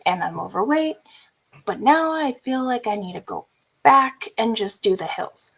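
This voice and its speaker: A woman's voice: on the high side, lively intonation, moderate pace, vocal fry, slightly rough, poor audio. A woman in her forties from California, telling a story in a casual vlog and laughing often. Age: 40s. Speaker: vlogger.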